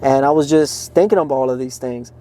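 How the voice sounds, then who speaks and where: A man's voice: medium pitch, brisk, mellow. A man co-hosting a podcast, telling his faith testimony in an earnest, casual way, often saying "like" and "man". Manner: earnest storytelling, heavy use of "like" and "man". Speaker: podcast co-host.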